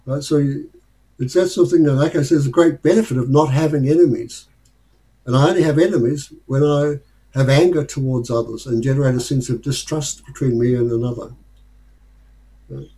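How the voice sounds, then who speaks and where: A man's voice: mid-range voice, fairly even intonation, brisk, mellow, poor audio. An Australian man telling stories in a casual, rambling way and chuckling often. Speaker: speaker sharing life lessons. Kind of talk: casual storytelling talk.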